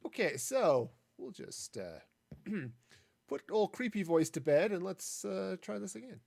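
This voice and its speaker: Male streamer, loose, wandering commentary, lively pitch, dry close sound. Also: unhurried, gravelly, no room sound. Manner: rambling, jokey asides. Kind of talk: casual gameplay commentary.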